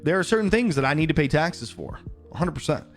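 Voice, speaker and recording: Guy streamer going off, swearing a lot, kinda high voice swinging all over, faint music behind. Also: fast. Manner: profane, heated, animated ranting. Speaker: livestreamer. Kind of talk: casual livestream rant.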